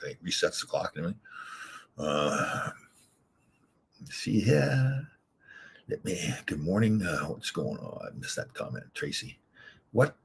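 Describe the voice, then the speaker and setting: An older man hosting a casual livestream, rambling candidly through stories and viewer comments, chuckling as he goes. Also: a bit bright. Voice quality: very husky low voice. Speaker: livestream host reading chat.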